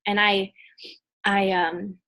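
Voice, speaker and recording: A woman's voice: mid-range voice, flat delivery, slow, a bit bright. A woman business coach telling a personal story in a live motivational talk over a video call, in a casual, chatty way with lots of fillers and restarts.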